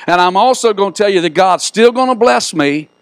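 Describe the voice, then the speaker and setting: A man's voice: sits high, expressive, brisk, no echo. A middle-aged man preaching a sermon in a church, folksy and joking as he tells stories. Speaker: pastor. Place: church sanctuary.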